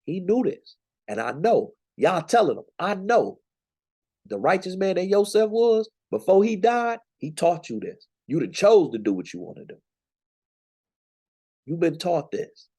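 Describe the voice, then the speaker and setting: Unhurried yet very animated, this Bible teacher has a high-sitting voice that's a little mellow with a breathy edge. He's a young man from the United States, and his scripture teaching comes across as conversational, preachy, slangy and emphatic.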